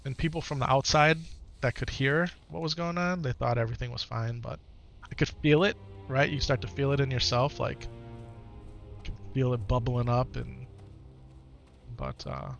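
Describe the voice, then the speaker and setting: A middle-aged man with a gravelly, fry-edged voice of ordinary pitch chats live to his stream audience. He talks earnestly and reflectively, circling back to repeat his points, with soft music playing faintly behind him. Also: normal speed. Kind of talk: casual chat to stream viewers.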